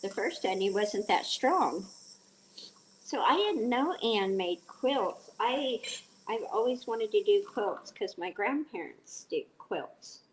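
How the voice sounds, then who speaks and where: A woman's voice: mid-range voice, lively intonation, takes it slowly, a little hiss or hum. A middle-aged woman with a stuffy nose, live streaming casually while cooking, chatting with viewers and telling rambling stories. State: stuffy, blowing her nose.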